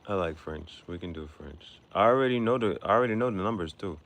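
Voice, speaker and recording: A man with a low, deep voice talks to the camera in a loose, rambling way. He circles back over the same phrases and tosses in bits of other languages as he goes. There is a faint hum of noise behind him. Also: animated, quick pace, a bit bright. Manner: rambling, repeats himself, drops in foreign words. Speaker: podcast host. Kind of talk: casual rambling monologue.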